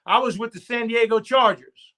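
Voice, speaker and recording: Speaking at a moderate pace, a football coach with a very high, bright, forceful voice shares animated stories in a live stream interview. He hammers points through repetition and rallying asides like "okay?" and "I'm gonna tell you what."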